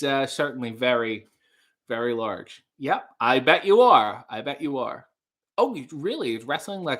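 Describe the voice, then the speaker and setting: A man's voice: mid-range voice, a bit bright. A man playing a nervous, overly polite restaurant waiter in an improvised comedy sketch, stammering and laughing awkwardly.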